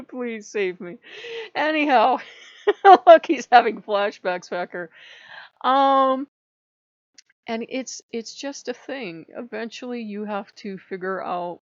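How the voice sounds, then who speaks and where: A woman's voice: on the high side, slow pace, no room sound, highs cut off. A tired woman talking late at night in a rambling, candid vlog monologue, self-mocking and swearing now and then. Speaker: pagan spiritual vlogger. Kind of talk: casual spiritual vlog monologue.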